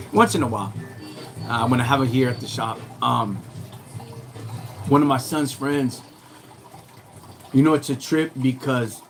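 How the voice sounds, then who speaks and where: A man's voice: medium pitch, slight background noise, low-quality recording. A man in his thirties hosting a casual livestream from his shop, reading viewer comments and giving streetwise advice in heavy slang. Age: 30s. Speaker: livestream host.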